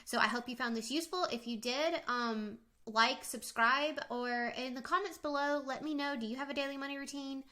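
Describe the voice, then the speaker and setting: A woman's voice: high voice, normal speed, few pauses. Chatty young woman budgeting on screen. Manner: relaxed, chatty, with many fillers and restarts. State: eating snacks while talking. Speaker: vlogger. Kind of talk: casual budgeting walkthrough.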